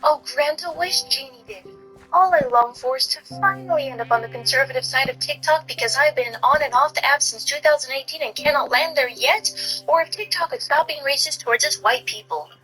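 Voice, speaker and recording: A woman's voice: high-pitched, brisk, pushed and bright, faint music behind, low-quality recording. A woman talking in short social media clips, earnest and overly polite.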